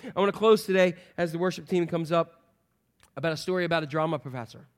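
A middle-aged man preaching a sermon as pastor, animated, swinging from loud calls to hushed, soft passages. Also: fairly high pitch, fast.

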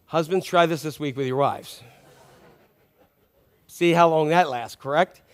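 High-voiced man preaching casually. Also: a little slow. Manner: conversational, asks the congregation questions. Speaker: pastor. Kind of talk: sermon.

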